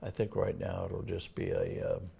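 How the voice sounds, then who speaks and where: An older man with a Massachusetts accent, a town administrator talking in a casual local TV interview, halting with many fillers and restarts. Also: sits low, very animated, vocal fry, warm tone, a little hiss or hum.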